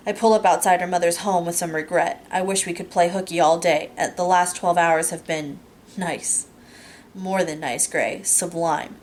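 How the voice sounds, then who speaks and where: Woman narrator, audiobook reading, lower voice, steady and unhurried, casual slips. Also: a little hiss or hum. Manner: steady, unhurried reading with small self-corrections. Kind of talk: first-person novel reading.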